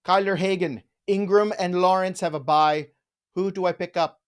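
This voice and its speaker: A man's voice: high voice, steady tone, moderate pace, smooth. A man hosting a live fantasy football show, joking around and riffing on names in casual chat. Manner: playful, jokey, riffs on names.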